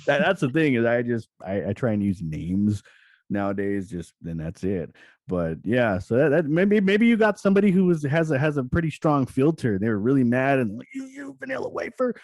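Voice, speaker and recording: A man hosting a casual gaming podcast, telling stories with lots of chuckles and sudden jumps in pitch when he acts out what others said. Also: moderate pace, no echo. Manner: chuckling storyteller, animated swings in pitch when retelling. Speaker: podcast host.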